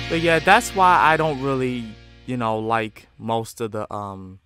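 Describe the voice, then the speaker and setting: A man giving casual reaction commentary, halting and searching for words. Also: medium pitch, fairly bright tone. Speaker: reaction video host.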